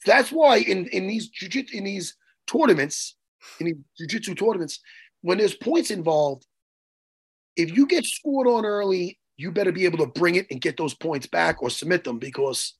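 Animated, gravelly-voiced man telling a story. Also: high-pitched, moderate pace. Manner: excitable, profane, repeats himself while telling a story. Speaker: podcast co-host and martial arts coach. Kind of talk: casual chat, animated storytelling.

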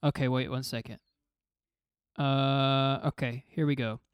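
A man chatting casually on a podcast, with a dry, deadpan and stubbornly insistent manner. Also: medium pitch, unhurried, clear, resonant tone. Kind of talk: casual chat.

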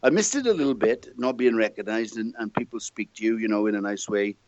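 Chatty older Welsh man, low voice. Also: fast talker, a little mellow, no echo, lo-fi sound. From Wales. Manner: chatty, jovial anecdote teller. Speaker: guest. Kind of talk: casual interview storytelling.

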